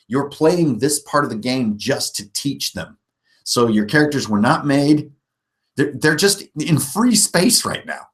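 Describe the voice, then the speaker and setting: Blunt, energetic man teaching game mastering. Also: medium pitch. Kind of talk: livestream tabletop game lesson.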